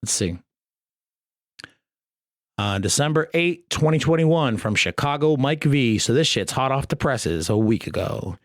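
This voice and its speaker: A man's voice: medium pitch, lively intonation, measured pace, pauses often, no echo, clean studio sound. A man hosting a podcast on his own, talking in a rambling, jokey way with lots of swearing. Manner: rambling, profane, jokey rants. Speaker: podcast host. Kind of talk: casual solo podcast chat.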